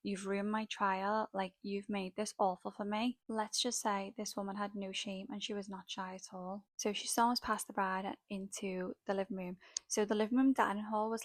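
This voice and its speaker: Young woman, makeup vlogger, casual storytime, level even tone, dry close sound. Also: medium pitch, no echo. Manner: chatty, filler-heavy storytelling with frequent "like".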